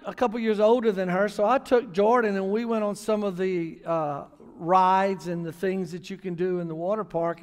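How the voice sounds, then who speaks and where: A man preaching a sermon as pastor, telling a story and rising to emphatic, near-shouted points. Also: sits high. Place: church sanctuary. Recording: long reverb of a large church hall.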